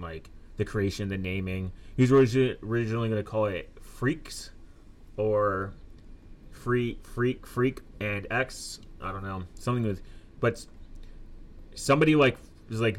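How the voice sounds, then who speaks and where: A young man with a slightly low voice explains tech in a loose, casual ramble. He trips over his words, restarts phrases and fills pauses with filler words. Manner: halting, loose, reads facts aloud with many fillers and restarts. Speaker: tech vlogger.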